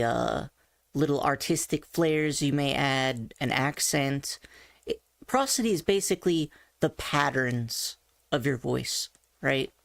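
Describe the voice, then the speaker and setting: A woman's voice: a bass voice, gravelly, no room sound, clean studio sound. A woman casually teaching voice training, thinking aloud with asides and self-corrections as she explains. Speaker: voice coach. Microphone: desk mic on a face-tracked avatar setup.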